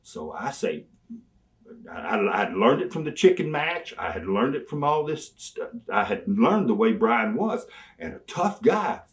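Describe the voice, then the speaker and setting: A man's voice: mid-range voice, a little slow, distant mic. An older man, telling wrestling stories in an interview and acting out old exchanges with gusto. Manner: animated storyteller who acts out quotes loudly. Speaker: interview guest. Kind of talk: storytelling interview.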